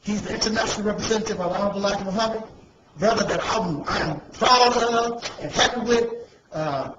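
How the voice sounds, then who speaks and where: A man's voice: sits high, fairly quick, muffled recording. A man hosting a casual video interview, emotional and saying he is choked up and nervous. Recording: echoey with loud background noise.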